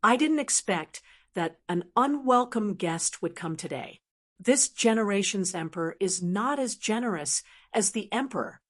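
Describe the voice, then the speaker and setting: A woman's voice: mid-range voice, expressive, unhurried. Woman reading as an aloof ancient master. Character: ancient hidden male martial master, aloof.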